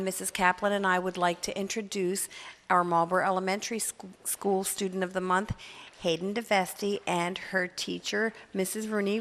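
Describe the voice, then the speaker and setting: A woman formally introducing a student award at a school board meeting. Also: mid-range voice. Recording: reverberant hall.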